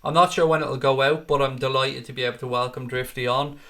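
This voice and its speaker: A man's voice: medium pitch, flat delivery, quick pace, sharp tone. Blunt, outspoken man hosting a livestream. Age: adult with a wife and kids. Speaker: host of a fan channel livestream. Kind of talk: casual livestream chat answering viewer comments.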